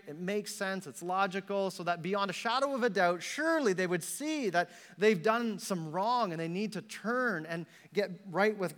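A man preaching a sermon, telling stories animatedly and acting out the voices of the people in them, then dropping to a hush for emphasis. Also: high-pitched. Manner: animated storytelling, acts out quotes, drops to a hush for emphasis. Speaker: pastor. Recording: long hall reverb.

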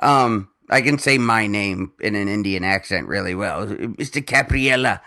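A man's voice: lowish voice, moderate pace, pushed and bright. A man hosting a podcast in casual chat, telling a rambling story with lots of restarts and swearing. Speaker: podcast host.

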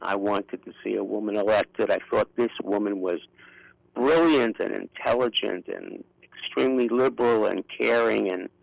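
An older political activist from Brooklyn, New York, speaks as an outspoken, impassioned guest on a radio interview, his Brooklyn accent clear. His voice is on the low side and creaky, and the recording is dry and rough.

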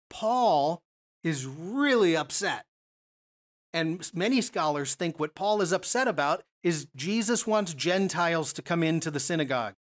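Preacher teaching a bible passage, chatty, lots of questions to the crowd, restarts a lot. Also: mid-range voice. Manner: conversational, many rhetorical questions and restarts.

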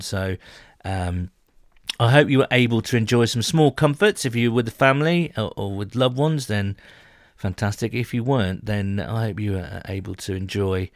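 A man's voice: on the low side, dry recording, studio quality. A man hosting a podcast in casual chat, rambling and jokey with lots of fillers. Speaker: podcast host.

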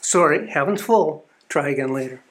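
A man voicing God in a spoken parable, calmly turning a visitor away and then welcoming him. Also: a little high, normal speed, lightly acted. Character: God speaking at heaven's gates, male.

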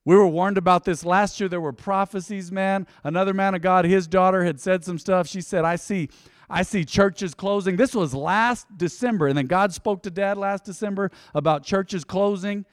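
A middle-aged male pastor giving a conversational sermon, dropping to a near hush and then surging loud. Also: sits high, moderate pace, smooth, dry recording, clean studio sound.

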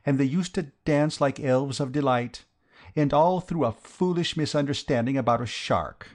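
A man reading an audiobook, voicing a sentimental, dreamy young woman with a breathy, whispery, drawn-out delivery. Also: medium pitch, darkish tone, pitched above the performer's own voice, natural voice. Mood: wistful. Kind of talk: audiobook character voice.

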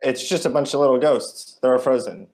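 A man's voice: medium pitch, fairly quick, darkish tone. A man co-hosting a comedic chat show, playing along with the bit in mock-earnest asides. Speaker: podcast co-host.

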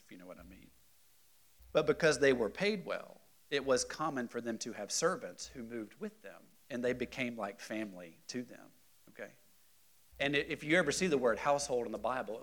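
A man with a fairly low voice teaches a Bible study class in an animated, conversational style. He often checks in with the group and gets loud when he wants to stress a point.

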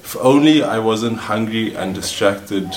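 A man reciting spoken word poetry in a slow, brooding way. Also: lowish voice, slight background noise. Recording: echoey room with faint ambience.

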